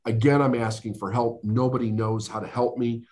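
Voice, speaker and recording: A middle-aged man from the United States speaks as a podcast guest. His voice sits at an ordinary male pitch, and he tells his story in an earnest, heartfelt way, slowing down and pausing for weight. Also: little pitch movement, darkish tone. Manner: earnest, emotional storytelling with dramatic pauses. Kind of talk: storytelling interview.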